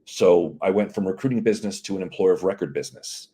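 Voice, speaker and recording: Low, mellow-voiced man telling a story. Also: fast, breathy edge. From United States. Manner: animated, acts out dialogue with quoted voices. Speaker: CEO of immigration and employment firm, guest. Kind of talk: casual interview storytelling.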